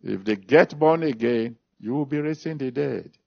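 A man preaching a sermon, reading scripture, then making an altar call and praying. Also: creaky. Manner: emphatic preaching with big pitch swings, slow drawn-out phrases. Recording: dull lo-fi recording.

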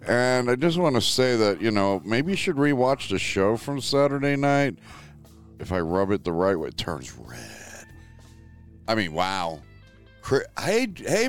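A man hosting a casual livestream, rambling and animated, laughing often with big swings in his voice. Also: mid-range voice, clean tone. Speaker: livestream host.

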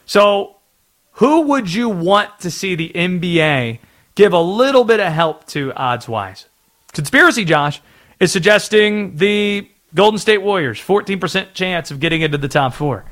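A sports radio host from North Carolina, talking through his takes in a chatty, opinionated way. His voice sits high and moves a lot, lively and animated from phrase to phrase.

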